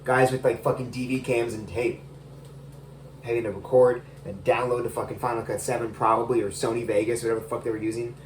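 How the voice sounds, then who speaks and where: A man's voice: medium pitch, level tone, fast. Brief: man in his thirties, casual rambling film rant recorded on a phone in his kitchen, heavy swearing, faint noise behind. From United States. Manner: swears a lot, rambling and exasperated. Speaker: vlogger reviewing a film. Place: home kitchen, cooking.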